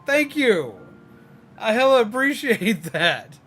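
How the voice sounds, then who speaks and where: Excitable high-voiced man streaming. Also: takes it slowly, husky. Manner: excitable, exclaiming, thanking donors. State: frazzled. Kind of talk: live gaming stream chat. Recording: game music behind.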